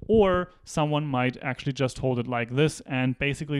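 A man's voice: mid-range voice, brisk, few pauses, a little mellow, smooth, no room sound. A man methodically demonstrating microphones indoors, narrating each step as he talks into handheld and desk mics from changing distances. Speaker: video creator testing microphones. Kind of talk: explanatory gear demonstration. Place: indoor room.

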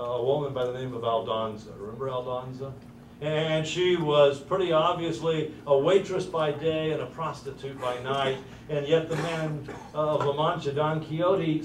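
A man's voice: on the high side, slight background noise. A middle-aged man giving a ceremonial speech as host, telling a story with many "uh" fillers. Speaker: university president hosting a ceremony. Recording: roomy, distant from the mic.

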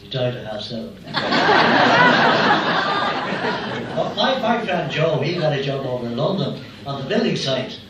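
A man's voice: medium pitch, sing-song, a little fast, few pauses, over a noisy crowd, heavy background noise. A man, a comedian, telling jokes live on stage in a rambling, storytelling way. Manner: rambling storyteller, doing small voices for characters. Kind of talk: live stand-up joke telling. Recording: echoey live hall, distant mic.

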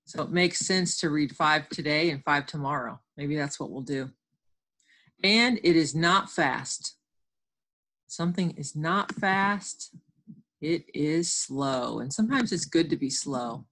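A woman's voice: sits low, measured pace, a bit bright. A woman teacher leading a reading lesson for children over a computer microphone, patient and explanatory.

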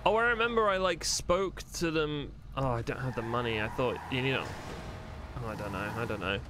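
A male streamer talks to his viewers at a middle pitch while he plays, rambling and thinking out loud. He swears casually and often. A faint noise sits under his voice. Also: normal speed. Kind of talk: live-streamed roleplay gameplay chat.

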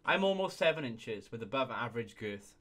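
A man's voice: mid-range voice, sing-song, brisk, fairly bright tone. A young man hosting a casual comedy video, reading reviews aloud and often breaking into laughter. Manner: giggly, keeps breaking into laughter. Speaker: video host.

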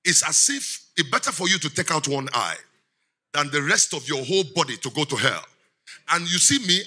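A middle-aged man delivers a lively guest sermon, laughing often and firing questions at the congregation. His voice sits a little high and sounds sharp and forceful, with a raspy edge. His pitch swings widely as he preaches. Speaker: guest speaker.

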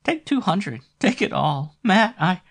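A man's voice: high voice, big pitch swings, unhurried, fairly bright tone, breathy edge, pitched above the performer's own voice, full character voice. A man voicing a seductive, pushy woman lover with a sexy voice in an audiobook. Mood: coaxing.

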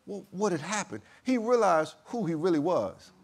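A male pastor delivering a sermon, reading scripture in a measured cadence and swinging from quiet, low passages to loud, high bursts. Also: animated.

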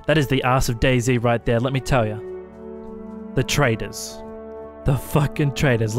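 A man with an Australian accent, streaming a game and throwing out brash, profane trash talk. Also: mid-range voice. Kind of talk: gaming stream commentary.

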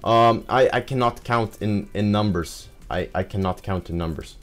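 Excitable young man commenting on gameplay. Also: on the low side, normal speed, faint music behind. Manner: excitable, frequent exclamations and fillers.

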